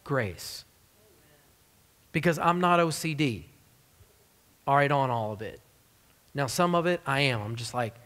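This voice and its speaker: Humorous preacher with hall reverb. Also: male voice, on the high side, animated, normal speed, pauses often, fairly bright tone. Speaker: pastor. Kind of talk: sermon. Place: church sanctuary.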